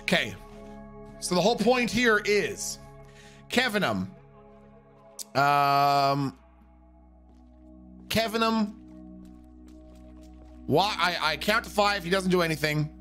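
Lively, high-pitched cursing man storyteller. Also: measured pace, soft background music. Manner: profane, emphatic, acts out quotes. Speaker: roleplay streamer. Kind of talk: animated anecdote telling.

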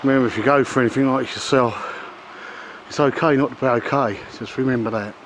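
A middle-aged man, out of breath, talking haltingly to a handheld camera outdoors at night in the rain, with many ums and uhs. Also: mid-range voice, fairly even intonation, noisy background. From England. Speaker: vlogger. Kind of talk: casual vlog to camera.

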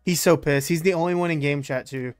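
A man with a fairly high voice narrates his shooter match as it happens, excitable and quick to swear. He trash-talks opponents and teammates alike. Faint music and game gunfire sit underneath. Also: smooth. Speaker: gaming YouTuber. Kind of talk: live gameplay commentary.

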